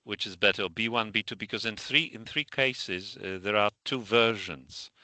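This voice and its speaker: A man's voice: lowish voice, normal speed, sharp tone, no room sound. A man who lectures, methodically explaining the rules of a pronunciation test over a video call. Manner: methodical, precise. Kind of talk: instructional explanation.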